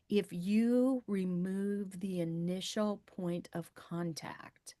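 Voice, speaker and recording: A woman's voice: mid-range voice, a little mellow, no room sound. Woman in her 50s on a podcast, emphatic, stresses numbers, dry close sound. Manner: emphatic, repeats key figures for weight. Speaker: podcast guest. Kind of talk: conversational interview.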